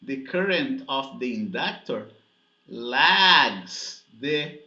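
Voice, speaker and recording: A man teaching physics draws out his words, his medium-pitched voice sharp in tone with lively intonation. He explains each step and often checks in with "okay?" and "right?" The lecture was recorded in an echoey, dull room.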